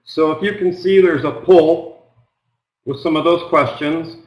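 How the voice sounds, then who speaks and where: A middle-aged man from Oregon with a plain Pacific Northwest American accent, teaching an online business English trial lesson in a slow, unhurried way with frequent ums. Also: fairly high pitch, fairly even intonation, a little mellow, echoey room, poor audio. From Oregon, United States.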